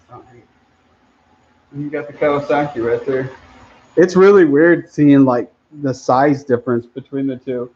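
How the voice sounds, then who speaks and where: A man hosting a casual livestream, reading viewer comments aloud in a relaxed way, often laughing and trailing off mid-sentence. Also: mid-range voice, highs cut off, slight background noise.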